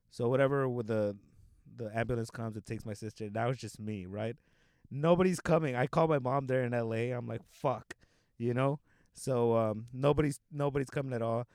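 A man's voice: medium pitch, a little mellow, no room sound, studio quality. A young man from Southern California telling a rambling, profanity-laced story in casual chat, full of fillers like "like" and "you know.".

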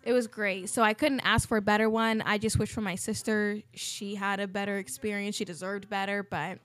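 A woman co-hosting a casual podcast, talking in a warm, reassuring manner. Her pitch is mid-range and her delivery is reflective. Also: level tone, a little fast. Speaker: podcast co-host. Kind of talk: casual chat.

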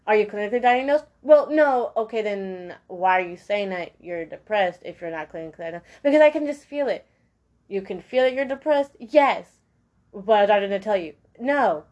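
A woman's voice: mid-range voice, darkish tone, muffled recording. A woman speaks, giving her opinions in a loose, unscripted monologue. She is blunt and rambling, restarting sentences often and dropping slangy asides as she goes. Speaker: podcast-style talker sharing opinions.

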